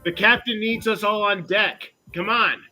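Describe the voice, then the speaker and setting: A man's voice: on the high side, slow, gravelly, sharp tone, slightly rough, faint music behind, full character voice. A man voicing a groggy drunken male orc, half asleep and grumbling. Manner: sleepy, grumbling.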